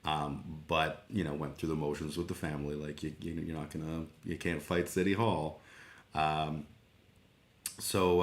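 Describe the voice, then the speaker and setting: Very deep-voiced man chatting on a livestream. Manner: meandering, sweary, self-deprecating, many fillers. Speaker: livestream host. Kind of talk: casual rambling chat. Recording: roomy echo.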